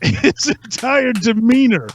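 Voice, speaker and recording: A man hosting a podcast, telling a casual story in an animated way with lots of laughter. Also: very high voice, takes it slowly, slight background noise. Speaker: podcast host.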